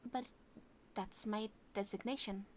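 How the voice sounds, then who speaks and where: Luna, a woman voicing a soft-spoken Irish android girl. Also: mid-range voice, steady tone, unhurried, a little hiss or hum, close to an everyday voice. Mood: quiet. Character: gentle female android helper, curious and soft-spoken.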